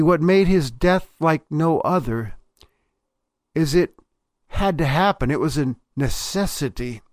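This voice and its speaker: Male preacher, high voice, unhurried devotional sermon, dry close sound. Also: no echo. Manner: slow and deliberate, with dramatic dips to a low hush.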